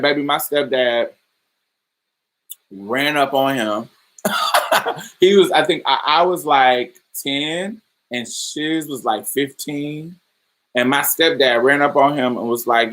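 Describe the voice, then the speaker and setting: A man's voice: mid-range voice, fairly bright tone. A man from Indiana hosting a podcast, telling personal stories in a chatty way, laughing often and calling the listener "baby". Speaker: podcast host. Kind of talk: casual podcast storytelling.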